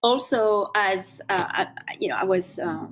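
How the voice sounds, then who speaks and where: A woman from France with a strong French accent hosts a live interview, with a mid-range pitch. She asks long, chatty questions full of fillers. The sound is dull and lo-fi with faint background noise. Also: measured pace. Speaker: host.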